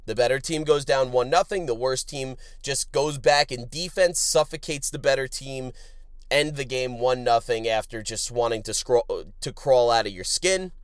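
A man hosting a sports betting podcast, crude and joking, swinging from loud outbursts to low mutters. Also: moderate pace, clean tone, dry recording, studio quality. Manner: animated, swings from shouting to muttering. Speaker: podcast host.

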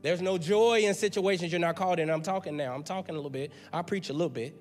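A man's voice: a little high, quick pace, faint music behind. A male pastor preaching an emphatic, conversational sermon in a church, repeating words as he builds his point. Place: church sanctuary. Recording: long hall reverb.

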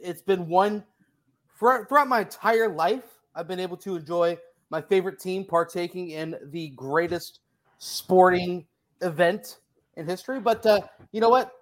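A man's voice: high-pitched, fairly bright tone. A man with a New Jersey accent hosting a casual sports podcast, upbeat and playful, working in sponsor plugs. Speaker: podcast host.

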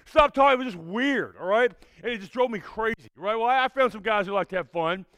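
A man with a fairly high voice and a drawl tells a story to young listeners as their preacher. He talks with bouncing energy and keeps asking "all right?" as he goes. The sound is dry and close, with no room echo. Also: lively intonation, fast talker, pushed and bright. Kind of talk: storytelling talk to a youth group.

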